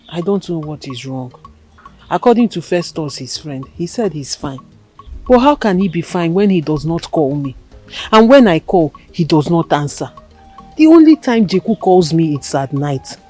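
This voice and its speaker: Husky worried Nigerian village woman. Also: deep voice, expressive, a little slow, warm tone, soft background music. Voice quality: worried, complaining. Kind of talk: Nollywood film acting.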